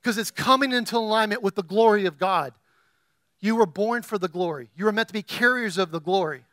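A man preaching a sermon as pastor, asking the congregation questions and rising to loud, emphatic peaks. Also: high voice, brisk, no room sound, clean studio sound.

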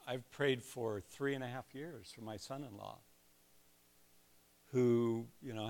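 A man's voice: medium pitch, creaky. An older man preaching a sermon in a conversational way, with self-deprecating asides and personal stories. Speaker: pastor.

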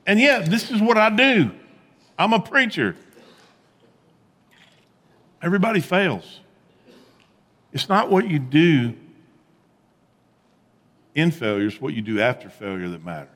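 A man preaching a sermon as pastor, animated, with rising emphatic peaks and quiet low asides. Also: unhurried, long pauses, big-room sound.

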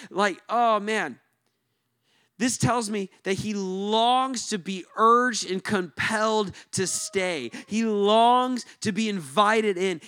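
A male pastor with a notably high voice preaches in a relaxed, talky style. He sounds animated and informal, tossing in "like" and "right?" as he goes. The sound is dry and close, with no room echo. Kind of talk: conversational sermon.

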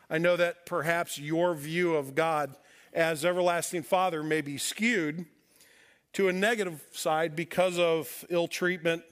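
A man preaching a sermon as pastor, earnest, with quick asides to the congregation. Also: a little high.

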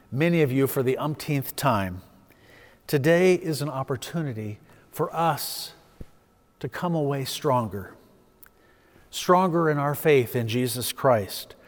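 Male pastor, storytelling sermon, slightly high voice, long hall reverb. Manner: storytelling preacher, swelling with emphasis then dropping soft.

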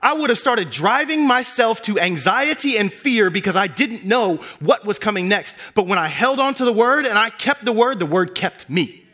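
Young male preacher, high and highly expressive voice, animated storyteller. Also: moderate pace. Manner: animated storytelling, acting out characters with big pitch swings. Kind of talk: sermon.

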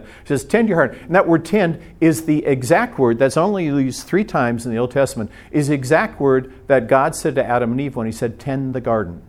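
Conversational man preaching a sermon. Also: medium pitch. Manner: conversational storytelling preacher, quick bursts with asides.

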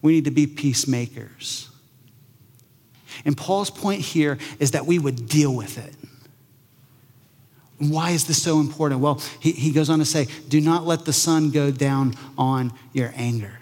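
Man preaching an animated sermon in a hall. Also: a little high, a little slow. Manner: conversational, animated, acts out quoted voices. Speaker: pastor.

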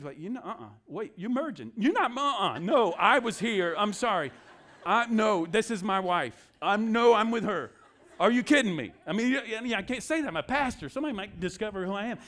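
A male pastor in the middle of a sermon, his voice sitting high and leaping up and down with emphasis. He slips into quick acted-out voices to make his points, then drops back to earnest teaching. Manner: animated preaching, acts out inner voices.

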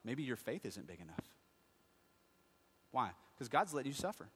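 A man preaching a sermon, asking his congregation questions and answering them himself, moving between quiet asides and loud, impassioned stretches. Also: mid-range voice, big pitch swings, moderate pace, husky. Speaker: pastor. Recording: long reverb of a large hall.

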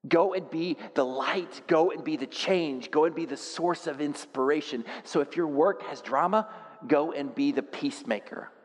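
A pastor preaches a sermon full of stories and self-deprecating humor, moving from quiet reflection to loud, animated bursts. His voice is on the high side at a normal pace, trailing a long reverb.

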